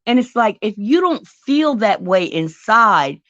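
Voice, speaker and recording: A woman hosts a casual live stream and talks back to her chat in a sassy, drawn-out way. She speaks at a slow, unhurried pace. The sound is dry and a little dull. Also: on the high side, very animated, fairly bright tone, dry recording. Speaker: host.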